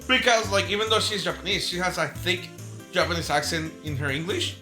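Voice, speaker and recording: A man's voice: high voice, a little fast, bright, forceful tone. A man from Mexico chatting casually on a live stream, laughing often, wandering into tangents and swearing freely. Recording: echoey room with game music.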